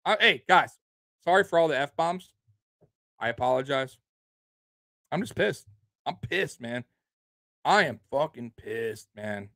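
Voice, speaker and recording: With a fairly high, very animated voice, a man hosting a sports show rants angrily about his team in an unhurried way, leaving long pauses. His tone is bright and forceful, there's no echo, and he swears heavily, repeats himself, and adds "man" and "bro" to his lines.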